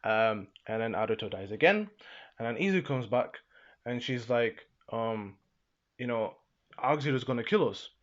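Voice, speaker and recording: A man's voice: mid-range voice, lively intonation, unhurried, fairly bright tone. A young man casually recapping an episode in a rambling way, full of fillers and laughs. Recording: slightly dull lo-fi sound.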